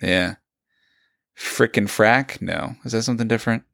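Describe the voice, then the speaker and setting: A man's voice: lowish voice, moderate pace, gravelly, a bit bright, no echo, studio quality. A man co-hosting a podcast in casual, jokey chat, laughing easily as he leads the segments. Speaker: podcast co-host.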